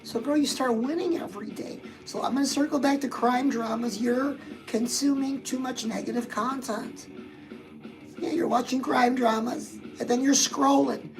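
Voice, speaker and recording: High, gravelly woman chatting to viewers. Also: darkish tone, poor audio. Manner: chatty, speaks straight to viewers and reads out their comments. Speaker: live-stream host. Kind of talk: casual motivational live-stream chat.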